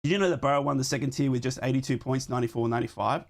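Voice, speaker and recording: A young man with a hoarse voice from a chest infection, hosting a live football watchalong, chatting to his viewers between calls on the match. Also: mid-range voice, steady tone, very fast. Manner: chatty, talks to his live chat while fixing things on the fly. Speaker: watchalong host.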